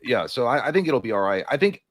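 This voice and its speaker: A man's voice: mid-range voice, very animated, fast, fairly bright tone, no room sound, clean studio sound. Rambling man chatting on a live stream. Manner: rambling, trails off and restarts, crude jokes. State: a little hungover. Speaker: co-host of a live movie news stream. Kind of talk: casual live-stream chat, reading viewer comments.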